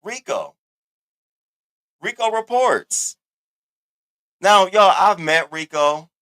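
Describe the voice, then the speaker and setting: A man hosting a commentary channel, chatting casually, loud and profane, talking straight to his viewers. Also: high-pitched, lively intonation, extremely slow, no room sound.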